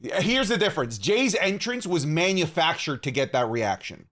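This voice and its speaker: Lively, animated man from Canada. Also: on the high side, normal speed. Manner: animated, playful, jokey. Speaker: podcast co-host. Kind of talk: casual chat.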